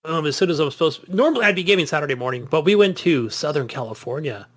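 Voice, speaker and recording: A man's voice: on the high side, animated, very fast, fairly bright tone. A middle-aged man co-hosting a gaming podcast, telling stories and laughing at himself. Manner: chatty storyteller, laughs at himself. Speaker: podcast co-host. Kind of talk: casual chat.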